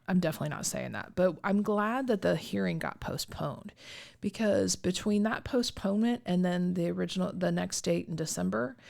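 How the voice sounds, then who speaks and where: A woman with a rural Midwestern accent, co-hosting a podcast and telling a story in a lively, chatty way, often laughing. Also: mid-range voice, creaky. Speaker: podcast co-host. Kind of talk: casual chat.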